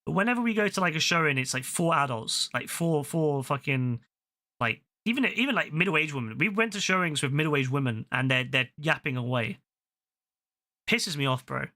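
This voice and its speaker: A man's voice: on the high side, normal speed. A man, chatting casually while gaming, ranting animatedly with a lot of swearing. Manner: ranting, profane, animated storytelling. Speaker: gaming video host.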